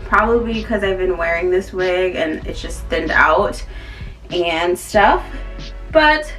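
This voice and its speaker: A woman's voice: lowish voice, sharp tone, far from the mic. A woman chatting casually to camera as a beauty vlogger, rambling with lots of fillers.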